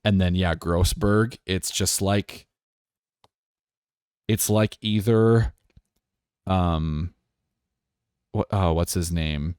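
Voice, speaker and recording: A man's voice: low voice, drawn-out words, long pauses, darkish tone, smooth, no room sound, studio quality. A man streaming a game live, joking in laid-back asides and explaining the voices he does. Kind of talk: live gameplay commentary with character voices.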